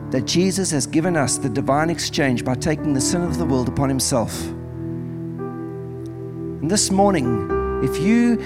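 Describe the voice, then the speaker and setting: A man preaching as pastor in a church service, earnest and pleading, repeating phrases as he leads an altar call. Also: on the high side. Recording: music playing behind.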